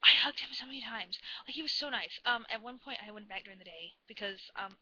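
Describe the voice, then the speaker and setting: A woman telling a story in a casual vlog, rambling and gushing like an excited fan. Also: on the high side, fast, muffled recording, a little hiss or hum. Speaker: vlogger.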